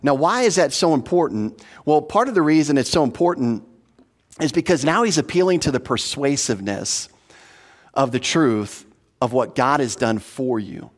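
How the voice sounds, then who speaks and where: In a church hall with long reverb, a pastor preaches an expository sermon in an earnest, teacherly way, repeating points to stress them. His medium-pitched voice is expressive and moderately paced.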